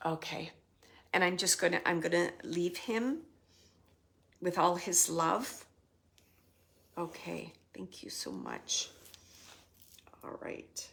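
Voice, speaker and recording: Slow soft-talking woman doing a medium reading, halting, keeps dropping to a whisper. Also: on the low side, vocal fry. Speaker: psychic medium. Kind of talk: live spirit reading.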